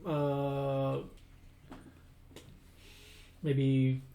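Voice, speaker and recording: A man's voice: mid-range voice, completely flat delivery, very slow, warm tone, echoey room, slight background noise. A man running a tabletop game as game master, easygoing, with lots of fillers and laughs.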